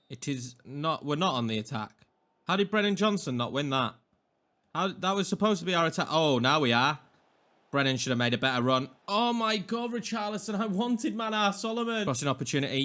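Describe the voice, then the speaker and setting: Young man, Yorkshire accent, fairly high voice, gameplay commentary, chatty and excitable. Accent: Northern English (Yorkshire). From England. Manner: excitable, chatty, swings between hype and grumbling. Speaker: gaming YouTuber.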